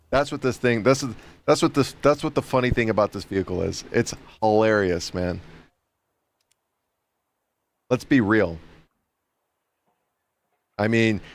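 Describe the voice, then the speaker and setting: A man chatting casually on a game stream, rambling and repeating himself with chuckling asides. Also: mid-range voice. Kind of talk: casual livestream commentary.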